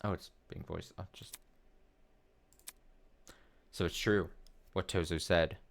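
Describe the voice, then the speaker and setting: A man's voice: deep voice, fairly even intonation, takes it slowly, gravelly. A man in his thirties giving rambling, profane let's play commentary full of fillers and restarts. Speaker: streamer.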